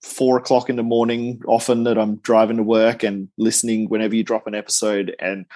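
A man with an Australian accent, a guest on a casual podcast, speaking at length in a warm, grateful, effusive way over a remote call. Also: lowish voice, level tone, fairly quick. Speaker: guest commentator.

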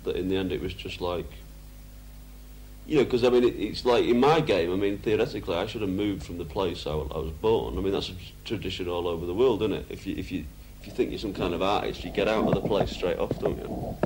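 A man's voice: low voice, fairly quick, darkish tone, a little hiss or hum. A man in an archival interview, rambling through anecdotes, laughing, with many "you know"s. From England. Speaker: musician interviewee.

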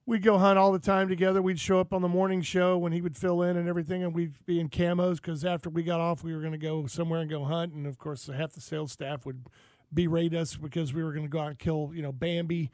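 Man, high voice, rambling fond memories, dry close mic. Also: level tone, fast, a little mellow, no echo. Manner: rambling with many fillers. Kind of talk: casual reminiscing chat.

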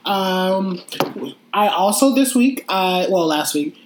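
A young man around twenty-one co-hosting a podcast, telling stories in excitable, giggly casual chat. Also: sits high, takes it slowly. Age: about 21. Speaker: podcast co-host. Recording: roomy echo, faint noise.

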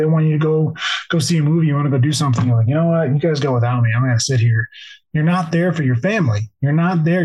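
Husky-voiced man, earnest podcast guest. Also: mid-range voice, a little mellow, rough recording. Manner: earnest, explanatory, repeats himself as he goes. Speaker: guest, law enforcement officer. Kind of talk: podcast interview.

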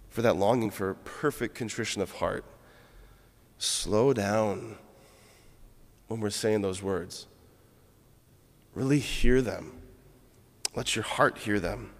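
A man's voice: on the low side, unhurried, long pauses. A man, a Catholic priest, giving an earnest, reflective homily and weaving in a personal story. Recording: long reverb of a church.

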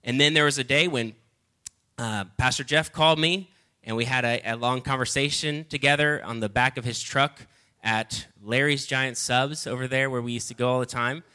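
A man preaching a sermon and reading scripture, earnest and halting, often repeating words as he restarts. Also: fairly even intonation. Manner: rises loud and high when reading quoted lines.

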